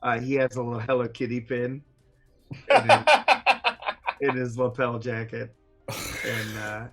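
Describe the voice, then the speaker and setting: A man's voice: mid-range voice, level tone, moderate pace, long pauses, faint music behind. A man narrating a tabletop game as game master, rambling with lots of fillers. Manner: rambling and filler-heavy, with chuckles.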